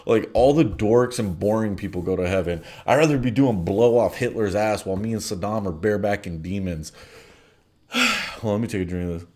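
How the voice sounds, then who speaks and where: A man's voice: on the low side, lively intonation, moderate pace, darkish tone. A man telling a crude comedic story in a blunt, offhand way, with bored asides.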